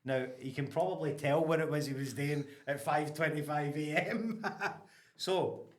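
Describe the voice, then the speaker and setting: Ayrshire Scottish male host, animated and laughing, recorded in a roomy space. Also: fairly high pitch, a little slow. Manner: animated, laughs often, restarts, Scots words like aye and wee. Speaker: podcast host. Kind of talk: casual chat.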